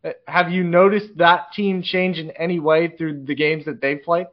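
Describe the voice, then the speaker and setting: A man's voice: fairly high pitch, fairly even intonation, moderate pace, highs cut off. Chatty man hosting a coaches' show. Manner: conversational, loose questions with many "uh"s. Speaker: show host. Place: home room with a chart on the wall. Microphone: video call.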